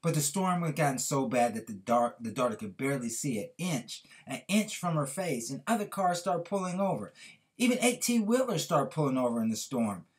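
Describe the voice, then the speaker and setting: An earnest man hosts a podcast and tells a motivational story. He leans on key words with preacher-like emphasis, and his pitch rises and falls in lively swings. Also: fairly quick. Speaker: podcast host.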